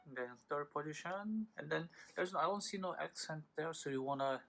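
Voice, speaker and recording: A man's voice: fairly high pitch, fairly quick, creaky, loud music behind the voice. A man teaching a violin lesson in a patient, informal way, with frequent fillers and self-corrections. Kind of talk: instructional tutorial. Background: violin playing between phrases.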